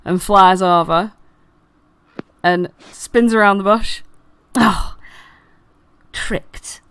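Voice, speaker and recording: A woman's voice: medium pitch, fairly even intonation, takes it slowly, a bit bright, clean tone, dry recording. A woman narrating as dungeon master of a tabletop game, loose and giggly with many fillers.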